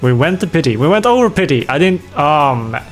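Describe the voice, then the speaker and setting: A man's voice: a little high, very animated, fairly quick, faint music behind. A man streaming a game, chatting casually and reacting with dramatic, self-mocking exclamations and frequent laughs. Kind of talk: casual gaming livestream chat.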